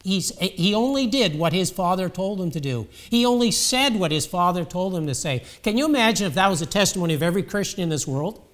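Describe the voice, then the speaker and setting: A male preacher with a high speaking voice delivers a sermon. He talks in a conversational way and often doubles words as he restarts a thought. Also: animated, a little fast, few pauses.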